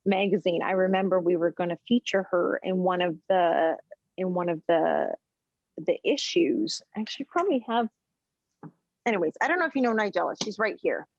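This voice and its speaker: A woman's voice: on the low side, lively intonation, normal speed, creaky, no room sound. Rambling woman telling anecdotes, dry lo-fi sound. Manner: rambling storytelling with fillers and laughter. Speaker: podcast guest, chef and food journalist. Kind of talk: casual podcast chat.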